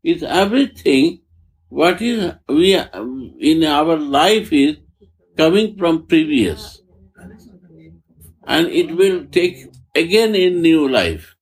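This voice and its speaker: A man speaks as a spiritual teacher, unhurried and deliberate, with long pauses between phrases. His voice sits a little high for a man and carries a gravelly, creaky texture. His English is halting, and he often repeats or restarts a phrase before finishing it. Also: very animated, low-quality recording. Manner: halting, repetitive non-native phrasing. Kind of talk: spiritual discourse.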